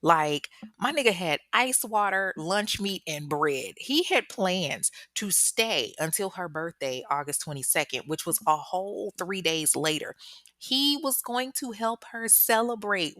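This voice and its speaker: Low-voiced, profane woman storyteller. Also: a little slow, no room sound, studio quality. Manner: profane, slangy, animated. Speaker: true crime podcast host. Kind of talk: casual true crime storytelling.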